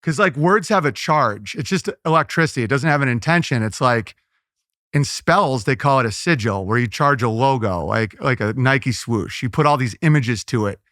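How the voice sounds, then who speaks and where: A man's voice: mid-range voice, animated, fairly bright tone, no room sound, clean studio sound. A man who is a comedian guest, chatting casually in an interview, riffing loosely with frequent "like" fillers and restarts. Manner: loose riffing with quick impressions and asides.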